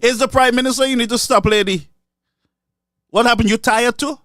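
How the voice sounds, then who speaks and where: A man's voice: very high-pitched, fairly quick, pauses often, fairly bright tone, no echo, studio quality. A man with a Saint Lucian accent giving a mocking political commentary monologue, switching between English and Creole. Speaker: online commentator.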